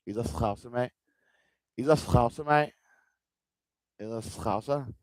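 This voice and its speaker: A man's voice: medium pitch, moderate pace, dry recording, lightly acted. A man putting on a clumsy, cocky young Liverpool lad voice, mostly as a joke, while commentating. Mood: mocking. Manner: clumsy put-on Scouse voice.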